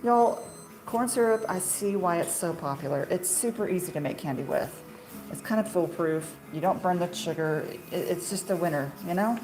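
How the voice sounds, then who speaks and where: A woman's voice: fairly low pitch, moderate pace, over music, low-quality recording. A woman who runs a small marshmallow business, telling stories in a casual, rambling, self-deprecating way while cutting candy in her kitchen. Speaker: small-batch marshmallow maker and shop owner. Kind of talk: casual chatty storytelling while working. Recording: steady ambient background noise.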